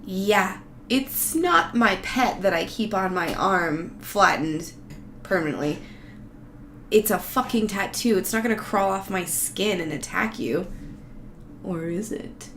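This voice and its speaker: A woman's voice: medium pitch, animated, unhurried, fairly bright tone. A woman talking in a loose, meandering, profane way, giggling as she vlogs casually to her viewers. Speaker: vlogger. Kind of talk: casual rambling monologue. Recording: roomy echo, faint background noise.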